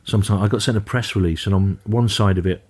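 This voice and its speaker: A man's voice: lowish voice, quick pace, darkish tone, breathy edge. A middle-aged man, a comedian, telling stories in a wry, dry way with frequent asides. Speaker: comedian guest. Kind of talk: storytelling in casual conversation.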